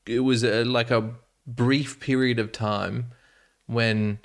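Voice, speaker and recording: A male comedian and actor, guesting on a podcast, chats casually and spins animated, self-deprecating stories full of restarts. His voice is mid-range and slow.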